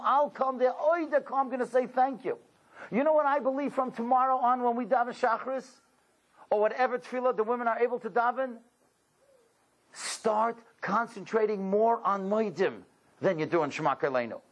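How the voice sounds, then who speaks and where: A man's voice: extremely high pitch, normal speed, fairly bright tone, rough recording. A man giving a storytelling talk to a congregation, exclaiming and asking rhetorical questions. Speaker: religious speaker.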